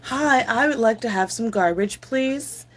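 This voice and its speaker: A woman's voice: fairly high pitch, unhurried, voice pushed up. A woman putting on a cheery garbage-loving dog. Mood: eager. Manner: sing-song, eager, polite. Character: greedy dog craving garbage, cheerful, polite.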